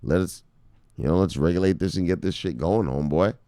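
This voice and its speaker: A man's voice: deep voice, fairly quick, warm tone, no room sound. A man hosting a crypto news vlog, ranting casually with lots of swearing and laughing asides. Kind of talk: casual profane news commentary.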